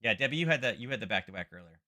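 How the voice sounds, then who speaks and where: A man's voice: mid-range voice, expressive, racing, sharp tone. A man hosting a trading livestream, chatting casually and rambling with wry asides. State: headache from wildfire smoke. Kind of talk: casual market commentary livestream.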